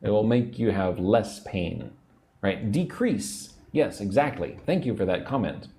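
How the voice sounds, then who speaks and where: Man, English teacher on a livestream, deep mellow voice, unhurried, lots of rise and fall. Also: animated. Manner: slow, explains words and drills pronunciation, reads viewer comments. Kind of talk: livestream language lesson. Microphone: own microphone at a computer.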